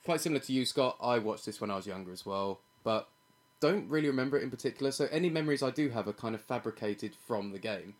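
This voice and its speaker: A man's voice: medium pitch, lively intonation, fast talker. A young man hosting a casual chat, laughing often and wandering off on tangents.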